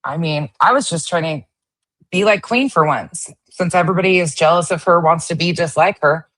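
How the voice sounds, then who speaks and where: Sarcastic woman with a low voice. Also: moderate pace, fairly bright tone. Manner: sarcastic, profane, mocking. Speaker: host. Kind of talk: casual commentary on stream clips.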